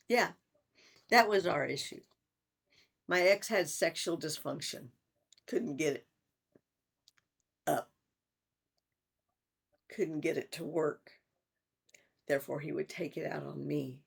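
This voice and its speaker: An older woman in a personal vlog, talking in a halting, reflective way with sighs and restarts. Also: sits low, gravelly, breathy edge. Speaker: vlogger.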